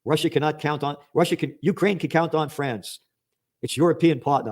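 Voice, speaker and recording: Pitched on the high side and talking a little fast, a man reads news headlines aloud and then tears into them. His commentary is angry, sarcastic, and full of profanity.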